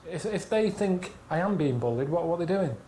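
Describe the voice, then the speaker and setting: A man, grumbling in deadpan comedy chat. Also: sits high, a little fast, reverberant, slight background noise. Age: 30s. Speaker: guest on a comedy commentary.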